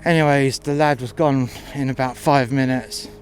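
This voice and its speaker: A man's voice: medium pitch, fairly even intonation, normal speed, faint music behind. A man telling a first-person story in a crude, confrontational way, acting out both sides of a row.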